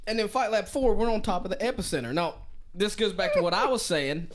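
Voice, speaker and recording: A man from Asheville, telling stories on a podcast in a lively, profane way. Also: sits high, brisk. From Asheville, North Carolina. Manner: animated, swearing, acts out quotes. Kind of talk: casual storytelling on a podcast.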